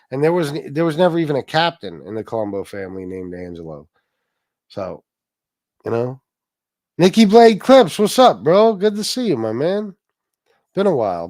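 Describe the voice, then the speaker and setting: A man with a fairly high, slightly mellow voice hosts a laid-back livestream. He swears loosely while chatting with viewers and reading donations, restarting many times. Recording is studio quality with no room sound.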